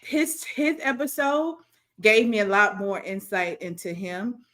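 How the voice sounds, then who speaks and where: Brief: woman co-host, playful quick-witted banter, middle-pitched voice. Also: animated, fairly bright tone. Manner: joking, quick bursts of commentary. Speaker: podcast co-host. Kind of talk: casual chat.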